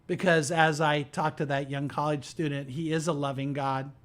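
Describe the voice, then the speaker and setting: A man preaching from the pulpit, telling a story in a chatty, animated way. His voice sits a little higher than most men's and climbs further whenever he voices the people in his story. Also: normal speed. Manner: conversational, animated, raises pitch for quoted characters. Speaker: pastor. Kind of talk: storytelling sermon.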